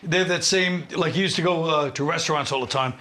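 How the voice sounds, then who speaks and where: Gruff, complaining male comedian. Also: fairly high pitch, fast, pushed and bright. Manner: gruff, complaining, swears a lot. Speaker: guest comedian. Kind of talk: casual banter.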